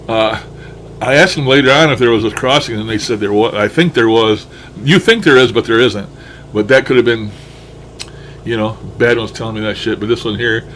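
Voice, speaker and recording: A man talks loosely and thinks out loud, laughing to himself as he goes, with a mild curse here and there. His voice sits in a middling pitch, with a faint hiss of noise underneath. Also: moderate pace. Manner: chuckling, musing, mildly profane. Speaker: paranormal enthusiast reviewing his recordings. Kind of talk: casual commentary over playback.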